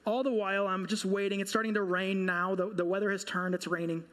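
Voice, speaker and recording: A married man, a pastor, preaching a sermon through a funny personal story, animated and quizzing his listeners along the way. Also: high voice, fairly quick. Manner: comic, animated storytelling with audience questions.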